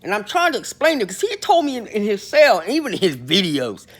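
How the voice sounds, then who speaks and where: A man's voice: high voice, very animated, fast, a bit bright, husky. A man hosting his own channel, telling a rambling comic story in a boastful, slangy way and acting out the people he quotes. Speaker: channel host telling prison stories.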